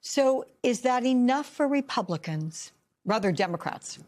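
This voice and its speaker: A woman cable news anchor who reads copy crisply and puts pointed questions to a guest. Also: on the high side, expressive, unhurried, a little mellow.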